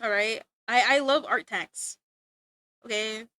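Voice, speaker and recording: Bubbly woman streamer, high and bright, close dry mic, chatty with viewers. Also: slow pace, no room sound. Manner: bubbly, laughs often, talks to chat. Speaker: art streamer. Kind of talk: casual livestream chat.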